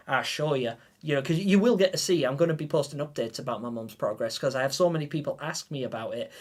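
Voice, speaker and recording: A man hosts a live game stream and chats straight to his viewers. His voice sits a little high, and his heartfelt thanks come out stammering and emotional. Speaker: gaming livestreamer.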